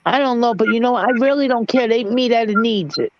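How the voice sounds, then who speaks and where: A woman's voice: on the high side, a little fast, highs cut off, noisy background. A woman on a casual gossip panel, blunt and laughing at her own stories.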